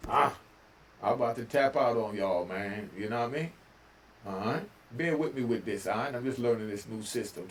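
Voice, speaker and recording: Older man, from New York, gravelly voice, street slang, preachy vlog commentary, light hiss. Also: fairly low pitch. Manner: preachy street talk with slang, repeats "you know what I mean". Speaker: vlogger. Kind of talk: casual commentary.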